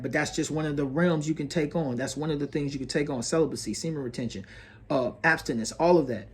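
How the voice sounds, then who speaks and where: Repeating phrases and calling his listener bro and sis, a man with a high-leaning, darkish voice hosts an astrology video. His motivational monologue comes across as earnest and preachy.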